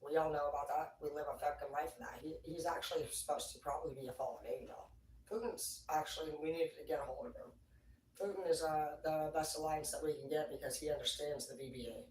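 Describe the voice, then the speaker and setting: A livestreamer ranting in a rambling, profane, excitable way. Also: mid-range voice, fast. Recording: roomy echo, distant from the mic, faint noise.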